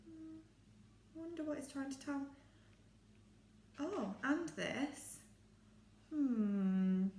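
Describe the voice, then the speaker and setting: A woman with an English accent teaching a phonics lesson to young children, with big gasps and drawn-out sounds. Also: high-pitched, expressive, warm tone, echoey room, slight background noise. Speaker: primary school phonics teacher.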